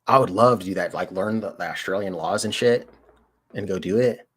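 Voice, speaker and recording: Low in pitch and fairly quick, this man's voice has a fairly bright tone with slight roughness. As a livestream host and auditor from Colorado, he chats casually and wanders in his talk, using lots of "dude" and "like."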